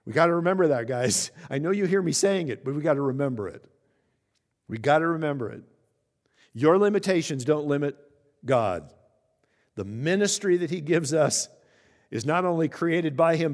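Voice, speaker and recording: A man preaching a sermon as pastor, acting out quotes with big swings in pitch and volume. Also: big-room sound.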